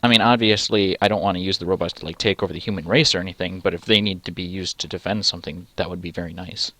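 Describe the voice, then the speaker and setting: A man's voice: sits low, steady tone, fast, sharp tone, no room sound. A man reading a text adventure game aloud and adding dry, sarcastic asides. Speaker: let's play gamer.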